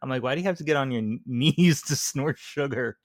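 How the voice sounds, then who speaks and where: A man's voice: mid-range voice, brisk, no room sound, studio quality. A man co-hosting a podcast, chatting casually about a movie in a laid-back way, full of "like" and "right". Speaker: podcast co-host. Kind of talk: casual movie review chat.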